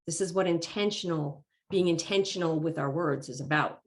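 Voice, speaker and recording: A woman giving a talk as a life coach, calm and encouraging, slightly congested from allergies and clearing her throat now and then. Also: sits low. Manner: calm, encouraging and measured, stressing key phrases. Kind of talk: presented talk.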